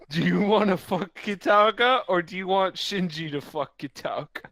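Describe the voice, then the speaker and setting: A man's voice: high voice, unhurried, fairly bright tone, dry recording. A man co-hosting a stream, joking and swearing in casual chat, often stumbling over his words. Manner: joking, profane, stumbling restarts. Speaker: co-host on a stream.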